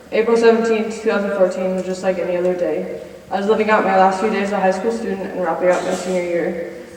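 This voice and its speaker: A woman's voice: mid-range voice, darkish tone. A woman in her twenties giving a personal testimony in chapel, earnestly reading from notes and cueing slides. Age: 20s. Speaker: college senior speaker. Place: chapel hall. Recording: echoey hall from far off.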